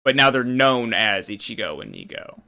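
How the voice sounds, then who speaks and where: A man's voice: mid-range voice, wildly swooping pitch, normal speed, creaky, bright, forceful tone, clear, resonant tone. A man hosting a casual chat, rambling as he explains trivia. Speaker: host.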